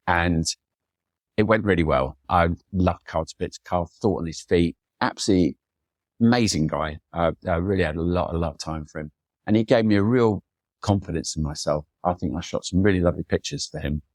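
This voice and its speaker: Middle-aged guest, low voice, dry close sound, enthusiastic storyteller. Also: male voice, fairly quick, no room sound. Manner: enthusiastic, chatty anecdotes with acted quotes. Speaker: photographer guest. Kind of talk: storytelling conversation.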